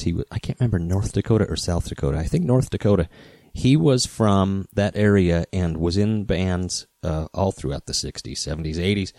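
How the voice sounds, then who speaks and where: A man hosting a podcast, telling a story in a relaxed, rambling way with many fillers. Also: sits low, no echo. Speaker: podcast host, guitar repair specialist. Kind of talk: casual storytelling.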